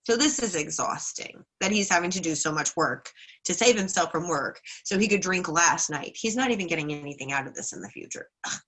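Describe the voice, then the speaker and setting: A woman leading a class, telling a trickster folk tale in a lively, chatty way with asides. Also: fairly low pitch, a little fast. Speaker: class leader. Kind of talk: casual storytelling lesson.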